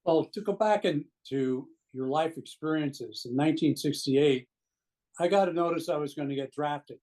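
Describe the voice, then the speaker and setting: A man in his seventies giving an earnest, indignant political opinion as a pundit guest, with halting restarts. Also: a little high, dark tone, rough recording. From United States. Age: 70s. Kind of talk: impassioned opinion commentary.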